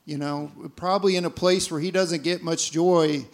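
A man's voice: fairly high pitch, steady tone, moderate pace. A man, a church leader, sharing a heartfelt story in church. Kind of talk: testimony.

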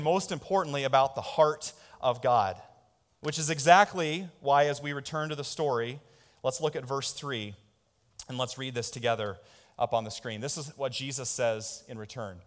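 A man's voice: medium pitch, moderate pace. A man pastor preaching a sermon in a church, calling on the congregation to answer back. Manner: call-and-response preaching. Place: church sanctuary. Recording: long reverb in a church hall.

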